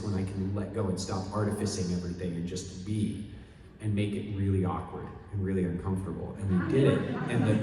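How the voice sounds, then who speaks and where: A middle-aged man from Chicago, a panel guest telling animated anecdotes and acting out other people's lines. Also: lowish voice, slight background noise. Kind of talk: storytelling at a convention panel. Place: large convention hall. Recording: echoey hall, mic heard from far off.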